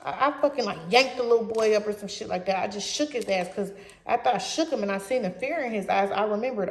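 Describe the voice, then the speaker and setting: A young woman casually telling a story from her teens in a blunt, profane, animated way. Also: medium pitch, fast. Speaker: vlogger. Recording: roomy echo.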